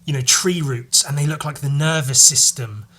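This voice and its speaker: A man running a solo podcast rambles on casually, cursing freely and filling silences with "like" and "um." His voice is a little high, with a bright, forceful tone.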